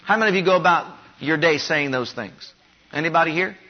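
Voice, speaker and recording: A man's voice: a little high, brisk, breathy edge. A man preaching a sermon, pressing his congregation with emphatic, repeated rhetorical questions. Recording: dull lo-fi sermon recording.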